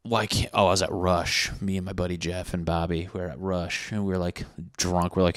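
Very deep-voiced young man rambling crudely. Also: steady tone, normal speed, fairly bright tone, dry recording. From Connecticut. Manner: crude, swearing, rambling storytelling. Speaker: podcast host. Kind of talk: casual rambling monologue.

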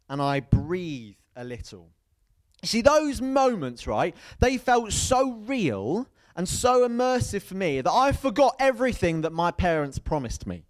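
A male preacher gives a sermon in a church. His voice sits a little high, and his storytelling is lively. He keeps checking in with the congregation. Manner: lively storytelling, asks the crowd "right?". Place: church hall.

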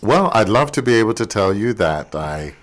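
A man with a London accent speaks in a very deep, low register. He is a pastor who is a guest on a podcast, and he answers politely with measured replies. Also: sing-song. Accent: London English. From England. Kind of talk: podcast interview.

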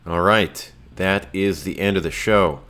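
A man's voice: low voice, steady tone, a little slow, a bit bright, a little hiss or hum. A man hosting a live storytelling night, giving brief, casual thank-yous as he closes the show. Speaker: host. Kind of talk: closing announcements.

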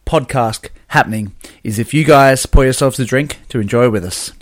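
A man bantering on a podcast, quick to laugh and tease his co-host. His voice sits in a middle pitch. The sound is dry and close, with no room echo. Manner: laughs easily, playful banter. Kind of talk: casual podcast chat.

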